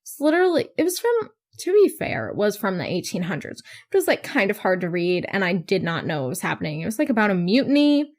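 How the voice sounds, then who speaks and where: A woman's voice: medium pitch, very animated, quick pace, few pauses, a little mellow. A teenage girl hosting her own podcast, talking in a rambling, self-mocking way and swearing casually. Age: teens. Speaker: podcast host. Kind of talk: casual solo podcast chat.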